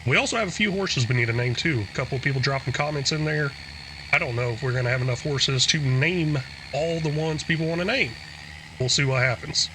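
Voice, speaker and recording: A young man casually commenting on his own gameplay, relaxed and chatty, thinking aloud as he plays. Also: mid-range voice, background noise. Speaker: gaming YouTuber.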